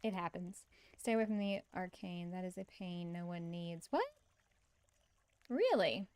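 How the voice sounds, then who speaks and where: A woman's voice: lowish voice, expressive, unhurried, a little mellow, clean tone. Chatty woman streaming a game. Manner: chatty, laughs often, reads and answers chat. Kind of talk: casual gaming stream chat.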